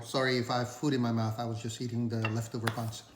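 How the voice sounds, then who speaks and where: A man's voice: mid-range voice, steady tone, fast talker, few pauses, fairly bright tone. A man casually talking to camera, giving personal finance advice in an earnest, conversational way with emphatic repetitions. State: recovering from illness. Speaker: finance vlogger. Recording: roomy echo.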